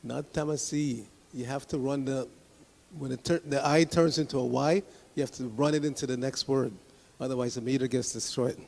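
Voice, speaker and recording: A man's voice: mid-range voice, steady tone, brisk, gravelly, a little mellow, long reverb tail. A man leading a scripture class, chanting verses line by line and patiently explaining and correcting the pronunciation. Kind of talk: leading a scripture reading with call-and-response chanting.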